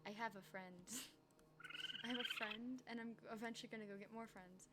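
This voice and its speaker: A woman's voice: fairly high pitch, fairly even intonation, moderate pace, loud music behind the voice. Chatty young woman streaming a game. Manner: chatty, giggly, talks to herself and chat. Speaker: streamer playing a block-building game. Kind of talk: casual livestream commentary.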